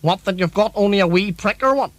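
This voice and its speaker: A man's voice: high voice, quick pace, no room sound. A man playing a brash, sweary talk show host in a comedy sketch.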